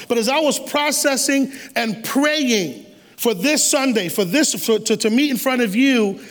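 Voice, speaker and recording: A middle-aged man preaching a sermon as a guest preacher, animated and streetwise, acting out quotes with humor. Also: very high voice, in a large hall. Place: church sanctuary.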